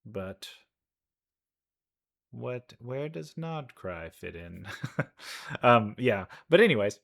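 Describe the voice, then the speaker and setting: A young man casually reacting to game trailers, chatty and quick to laugh, with bursts of excitement. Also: medium pitch, creaky. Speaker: reaction video creator. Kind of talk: casual commentary while reacting to videos.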